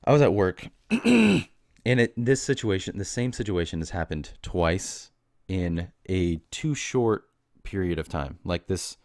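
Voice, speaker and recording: A young man with a low, deep voice talks alone into a close mic, the sound dry and dead. He rants in a casual, exasperated way and mocks people with a sarcastic edge. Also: darkish tone, dry recording. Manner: ranting, exasperated, mocking. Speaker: podcast host. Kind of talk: casual solo podcast monologue.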